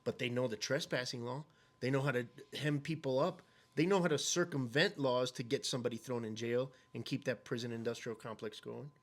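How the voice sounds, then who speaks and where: A man's voice: medium pitch, steady tone, a little fast. Emphatic, opinionated man. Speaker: guest, fellow activist. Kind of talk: casual conversation.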